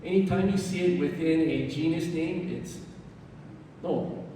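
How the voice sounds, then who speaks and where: A man giving a club presentation, explaining things in an unhurried way with fillers and self-corrections. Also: mellow. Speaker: orchid society speaker. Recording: roomy hall, distant mic, faint rumble.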